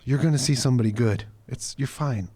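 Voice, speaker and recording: Co-host, male, mid-pitched everyday voice, plain and blunt, casual chat. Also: a little fast, dark tone. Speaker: podcast co-host.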